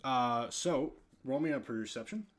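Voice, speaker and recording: Male game master, mid-pitch, hesitant narration with many fillers. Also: unhurried, noisy background.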